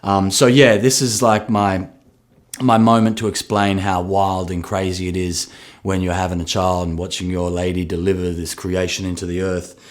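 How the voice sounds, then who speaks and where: An Australian man in his thirties, a rapper who raps his lines and then explains them in casual talk. He tells stories with sudden loud, excited re-enactments. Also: low-pitched, normal speed.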